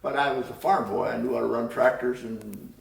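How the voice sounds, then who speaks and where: A man's voice: mid-range voice, a little fast, vocal fry. An older man reminiscing in an oral history interview, rambling and chuckling as he tells stories. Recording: roomy room, distant mic.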